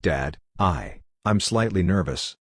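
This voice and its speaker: A man's voice: sits low, animated, slow, husky, dry recording, clean studio sound, exaggerated voice. A man voicing a hesitant, nervous young woman.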